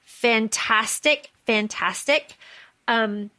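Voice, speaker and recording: A woman co-hosting a book podcast, recapping the plot in casual chat, animated and swearing freely. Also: on the high side, drawn-out words. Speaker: podcast co-host.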